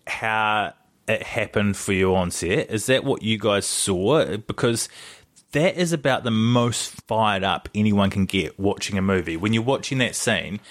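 A male host asking eager, enthusiastic questions in an interview. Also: on the low side. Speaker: podcast host.

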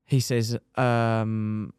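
A young man with a twang tells a racing crash story in a smooth, clear voice. He talks in a lively, casual way, swears freely and keeps calling the listener "mate". The sound is dry and close, with no room echo. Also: on the low side, extremely slow. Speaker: podcast guest, motorcycle racer.

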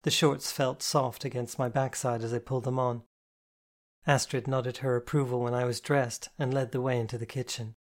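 A man reads a novel aloud in the first person at a middle pitch. He tells the story in a measured, expressive way, as in an audiobook. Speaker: audiobook narrator.

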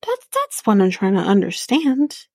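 A woman's voice: medium pitch, huge pitch swings, moderate pace, gravelly, darkish tone, slightly rough, no room sound, studio quality. A young adult woman hosting a casual podcast recap and commenting bluntly, with profanity and indignation. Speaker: podcast host.

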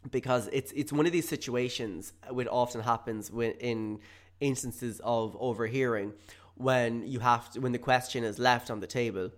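A man's voice: mid-range voice, steady tone, normal speed. A man hosting a casual solo podcast, talking in a rambling, hesitant way full of fillers. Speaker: podcast host. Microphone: studio mic with headphones.

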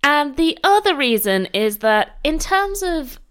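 A woman hosting a comedy podcast, chatting casually with quick, laughing asides. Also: sits high, very animated, a bit bright. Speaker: podcast host.

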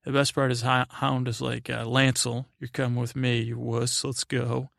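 Rambling man with a gravelly voice. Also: mid-range voice, flat delivery, normal speed, a bit bright, no echo, studio quality. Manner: meandering, casual, full of fillers and asides. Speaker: podcast host. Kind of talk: rambling sleep podcast episode recap.

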